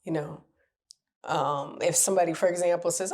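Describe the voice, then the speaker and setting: Candid, animated woman coach. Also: lowish voice, moderate pace. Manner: candid, animated, laughs and acts out quoted people. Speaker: relationship coach. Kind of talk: casual advice talk to camera.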